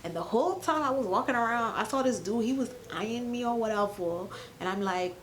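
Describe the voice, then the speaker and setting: A young woman from Cameroon telling a story on her channel, animated and sarcastic, laughing often. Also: medium pitch, normal speed. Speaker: YouTuber. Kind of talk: casual storytime vlog.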